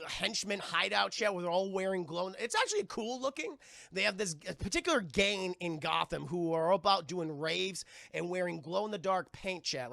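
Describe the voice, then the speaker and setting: A man reviewing a film live, talking casually and sarcastically to his chat and swearing freely. His voice is high and bright, with a gravelly fry running through it. The sound is dry and close. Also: no room sound. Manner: animated, profane and sarcastic.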